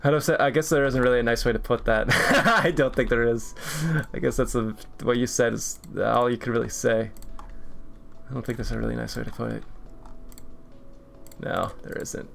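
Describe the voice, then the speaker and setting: A man's voice: medium pitch, steady tone, moderate pace, gravelly, fairly bright tone, slight background noise. Rambling young man streaming while drawing. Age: 20s. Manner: rambling, jokey tangents, laughs often. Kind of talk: casual chat while drawing.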